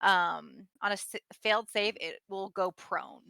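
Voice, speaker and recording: A woman playing a tabletop game, excitably talking through rules and dice rolls. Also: mid-range voice, unhurried, vocal fry, dry recording. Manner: excitable, explains rules aloud. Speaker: player.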